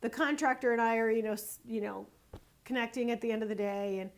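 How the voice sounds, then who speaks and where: A woman photographer and small business owner giving casual sales advice through a story, animated and exasperated, repeating words for emphasis. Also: on the high side, fast.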